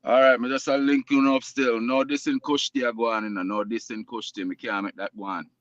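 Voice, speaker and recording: A man's voice: medium pitch, flat delivery, fairly quick, highs cut off, a little hiss or hum. A man speaking as a guest on a casual livestream chat, laid-back and laughing. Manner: laid-back, warm, patois-laced talk.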